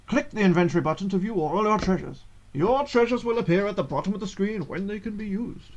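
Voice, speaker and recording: A man's voice: sits high, expressive, normal speed, highs cut off. Chatty man reading game text. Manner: chatty, thinks aloud, reads game text in a narrator's tone. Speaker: gaming streamer.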